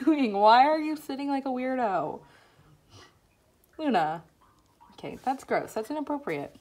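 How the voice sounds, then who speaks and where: A chatty woman vlogs from her bedroom, laughing often and cooing at her puppy between remarks to viewers. Her voice sits a little high, with faint music playing underneath. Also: warm tone. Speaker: vlogger host. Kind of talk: casual vlog chat. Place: home bedroom, indoors.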